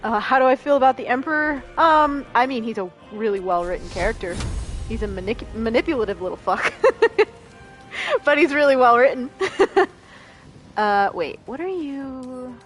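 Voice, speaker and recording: A woman's voice: fairly high pitch, lively intonation, normal speed, faint music behind. A woman streaming a video game, chatting casually, laughing often and reading lines aloud. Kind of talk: casual gameplay commentary.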